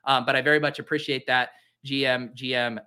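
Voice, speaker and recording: A man's voice: medium pitch, level tone, brisk, sharp tone, clear, resonant tone. A man in his late twenties, a podcast host from the Boston area, giving casual live commentary, rambling, joking and breaking into theatrical, self-pitying rants.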